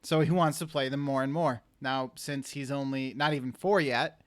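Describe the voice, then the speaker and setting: A man's voice: mid-range voice, steady tone, normal speed, no room sound. A young man co-hosting a podcast, chatting casually and making wry jokes. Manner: joking, wry asides. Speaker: podcast co-host. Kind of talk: casual chat.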